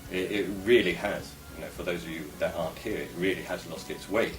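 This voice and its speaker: A man's voice: sits low, brisk, music in the background. A man from England, a vlogger, talking to camera in a rambling, musing and opinionated way. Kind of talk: casual monologue to camera. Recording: roomy echo, voice from a distance.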